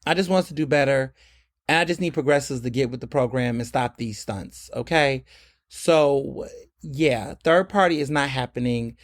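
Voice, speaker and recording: A man's voice: medium pitch, normal speed. A man hosting a podcast, delivering a fiery, profane political monologue. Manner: fiery, profane, lively and emphatic. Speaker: podcast host.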